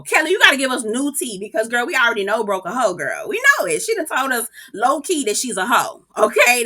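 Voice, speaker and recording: A woman giving a casual, profane, gossipy recap of a reality show, full of quoted reactions and sudden exclamations. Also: bright, forceful tone. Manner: speaks with swooping pitch jumps and exclamations.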